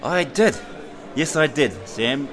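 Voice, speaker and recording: A middle-aged man with a New Zealand accent, a guest recounting his own story in an unhurried way, with frequent hesitations and lively quoted voices. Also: on the high side, crowd noise. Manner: unhurried, animated when quoting others, with many hesitations. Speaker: interview guest. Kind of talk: reflective personal storytelling.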